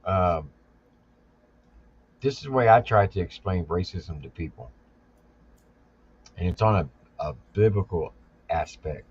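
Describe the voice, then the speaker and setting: A man's voice: sits low, animated, unhurried, pauses often, slightly rough, lo-fi sound. A man hosting a casual reaction chat, blunt and a little profane, laying out his views patiently with questions. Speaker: reaction channel host.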